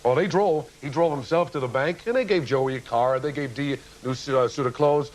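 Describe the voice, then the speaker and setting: A man's voice: medium pitch, a little fast, rough recording. A man giving an impassioned, lecturing speech as a guest on a television talk show, full of rhetorical questions. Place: TV studio with audience.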